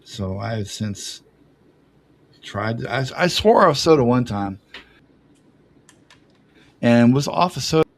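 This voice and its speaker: A man's voice: mid-range voice, expressive, takes it slowly, pauses often. A man telling rambling family stories on a podcast, laughing often at himself. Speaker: podcast guest. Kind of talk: casual storytelling.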